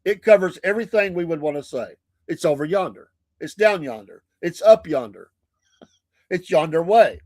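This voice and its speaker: A man's voice: on the high side, expressive, normal speed, a little mellow, no room sound, studio quality. A man with a Southern US accent hosting a morning talk show, chatting casually and laughing often between remarks. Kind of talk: casual chat.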